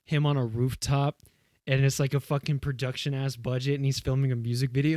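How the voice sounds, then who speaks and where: A man's voice: mid-range voice, flat delivery, brisk, mellow, no echo, clean studio sound. Young man rambling through a story. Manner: rambling, filler-heavy storytelling, frequent swearing. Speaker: podcast co-host. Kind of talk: casual chat.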